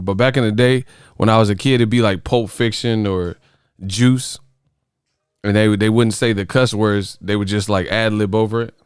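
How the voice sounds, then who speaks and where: A man hosts a boxing live stream, profane and joking. His voice is smooth and clear on a close, dry mic. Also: medium pitch, no room sound. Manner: profane, laughing, animated rants. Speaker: boxing channel host. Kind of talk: casual live-stream chat.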